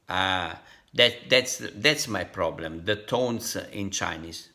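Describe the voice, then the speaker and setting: An Italian-accented man from Italy thinking aloud as a vlogger, halting and repeating syllables over and over to practice tones. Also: sits low, sharp tone. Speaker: language-learning vlogger.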